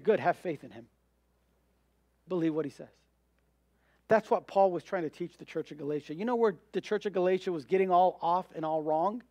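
A man's voice: high-pitched, expressive, moderate pace, long pauses, a little mellow, no room sound, clean studio sound. A man preaching a sermon as pastor, emphatic, answering rhetorical questions and acting out voices of doubt.

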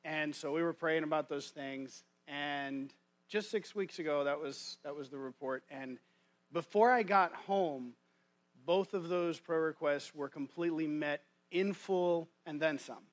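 A man preaching a guest sermon in a church, his voice sitting a little high for a man. He talks in a folksy, conversational way, often restarting his sentences. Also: measured pace. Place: church sanctuary.

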